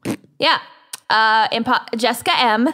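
A woman's voice: on the high side, normal speed, bright, forceful tone. A young adult woman co-hosting a casual chat podcast, laughing through upbeat banter. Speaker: podcast co-host.

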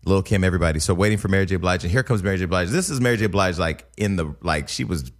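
A man's voice: deep voice, fast talker. A man hosting a casual talk show, telling stories and teasing his co-host with plenty of profanity. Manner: brash, profane storytelling, teasing. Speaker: podcast host. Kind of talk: casual chat.

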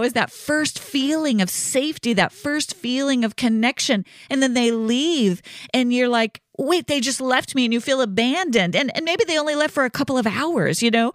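A woman's voice: a little high, no echo, clean studio sound. A woman hosting a solo podcast, explaining in a conversational, reassuring way with frequent "right?" asides. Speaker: podcast host.

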